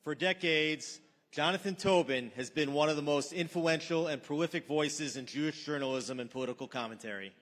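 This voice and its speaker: A man's voice: fairly high pitch, a little fast, fairly bright tone. Man formally introducing a speaker. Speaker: event host. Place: large hall. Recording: long reverb of a large hall.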